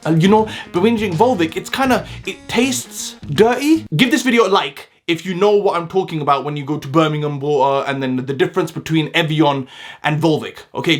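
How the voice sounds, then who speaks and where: A man from the UK with a London-leaning British accent, talking to camera in a joking, animated vlog. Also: fairly high pitch. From United Kingdom. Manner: animated, joking, talks straight to viewers. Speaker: vlogger. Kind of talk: casual vlog monologue.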